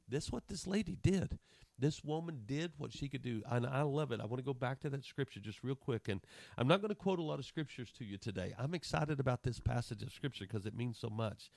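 A man's voice: medium pitch, gravelly, a little mellow, dry recording. A man preaching a sermon, passionate and acting out the voices of people in his examples. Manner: impassioned, acts out voices of people and scripture.

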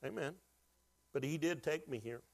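A man's voice: a little high, normal speed, vocal fry. A man preaching a sermon to his church, folksy and joking, asking the congregation to call out answers. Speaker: pastor.

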